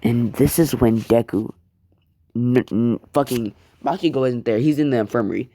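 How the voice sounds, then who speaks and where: A man's voice: mid-range voice, normal speed, warm tone. A man casually telling a fan story in a laid-back, rambling way, with some swearing.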